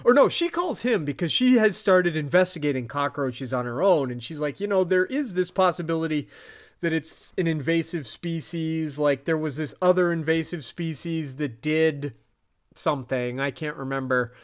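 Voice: mid-range voice, moderate pace. A podcast co-host in a casual chat, recapping a TV episode, laughing often and quoting the characters' lines. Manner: giggly, retells scenes by quoting characters.

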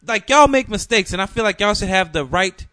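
A man holding forth on a podcast, swinging his voice up and down with loose, profane energy. His tone is bright and forceful, and the recording is dry and close. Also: sits high, fairly quick, no echo. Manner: animated, profane, rambling with restarts. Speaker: podcast co-host. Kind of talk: casual chat.

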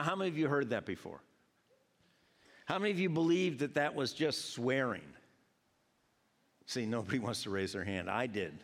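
Man from Georgia preaching in a reverberant hall. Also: medium pitch. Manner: animated storytelling with voiced quotes. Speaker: pastor. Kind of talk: sermon.

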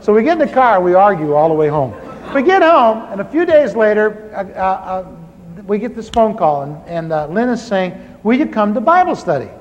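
A man telling his own story to an audience in an animated, self-mocking way. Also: high voice, normal speed, lo-fi sound. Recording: echoey hall with faint background noise.

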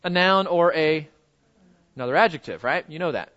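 A man teaching a Bible lesson in a conversational way, often repeating words and slowing down to stress key phrases. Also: a little high, lively intonation, a bit bright, muffled recording.

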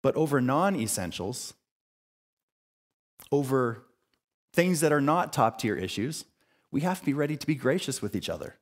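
Pastor preaching with casual emphatic repetition. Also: male voice, mid-range voice, sing-song, normal speed, pauses often. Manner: casual asides with slang and brief laughs. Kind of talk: sermon.

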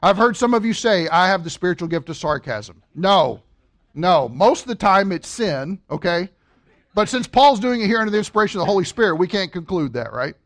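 High-voiced man preaching a lively sermon. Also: fairly quick. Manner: animated preaching, rhetorical questions, humorous asides. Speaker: pastor.

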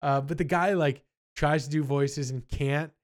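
A young man chatting casually on a podcast, telling stories with lively asides. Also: a little high, measured pace. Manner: animated storyteller, mimics people in quotes. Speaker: podcast co-host. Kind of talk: casual chat.

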